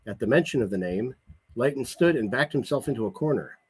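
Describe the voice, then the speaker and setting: Husky man reading his novel aloud. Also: mid-range voice, lively intonation, brisk, low-quality recording. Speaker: author.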